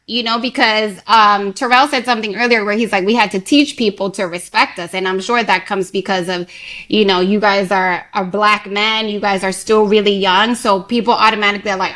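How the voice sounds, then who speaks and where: A woman's voice: mid-range voice, normal speed, a bit bright. A woman from Connecticut hosting an interview, asking long rambling questions in casual chat and laughing often. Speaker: podcast host.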